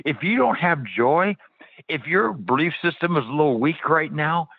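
A man's voice: fairly high pitch, lively intonation, normal speed, creaky, husky, no room sound. A man speaking as a guest on a radio interview, telling faith stories in a passionate, eager way and often restarting his sentences. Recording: dry, tinny phone-like radio sound.

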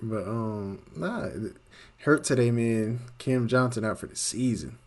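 A young man hosting a casual podcast chat, animated and swearing, often restarting his sentences. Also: mid-range voice, a little slow. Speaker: podcast host.

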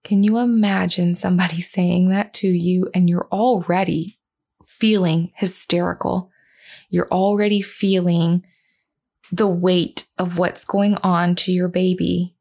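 Earnest female storyteller in her 30s, slow pace, gravelly low voice. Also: steady tone, darkish tone. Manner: earnest, retelling dialogue, with fillers and restarts. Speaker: mother telling a personal story. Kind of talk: personal storytelling.

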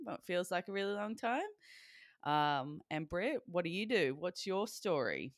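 A woman co-hosting a fitness podcast, speaking in a relaxed, chatty way. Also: on the low side, measured pace, dry recording, studio quality. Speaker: podcast co-host and coach. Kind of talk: casual chat.

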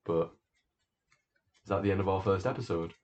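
A man co-hosting a casual podcast chat, talking in a deadpan, offhand way. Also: deep voice, moderate pace. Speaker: podcast co-host. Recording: dull lo-fi sound.

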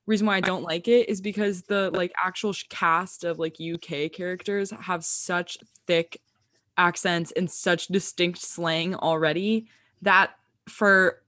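A woman's voice: lowish voice, fairly even intonation, unhurried, a bit bright, no echo. Giggly young woman on a dry mic. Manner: giggly, lots of "like" fillers. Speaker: podcast co-host. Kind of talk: casual chat.

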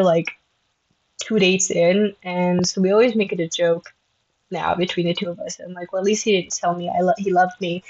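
Woman, twenties, casual storytelling vlogger, animated and profane, plays out both sides of each conversation, mid pitch, slightly muffled recording. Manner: chatty, animated, swears freely, acts out both sides of conversations. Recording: slightly dull lo-fi sound.

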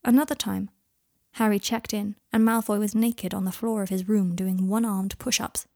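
Mellow, husky woman narrating a story. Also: medium pitch, fairly even intonation, moderate pace. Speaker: audiobook reader. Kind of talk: fan-fiction audiobook narration.

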